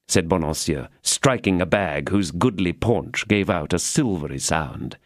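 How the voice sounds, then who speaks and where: A man's voice: sits low, expressive, measured pace, hardly any pauses, no room sound, studio quality. Man narrating a classic novel. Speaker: audiobook narrator. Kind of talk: scripted narration.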